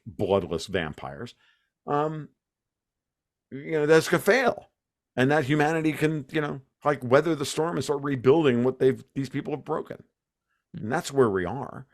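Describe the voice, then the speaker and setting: Mid-range in pitch, this American man's voice comes through clean studio sound with no room noise. He's being interviewed and gets animated, ranting forcefully about his opinions while repeatedly starting sentences over.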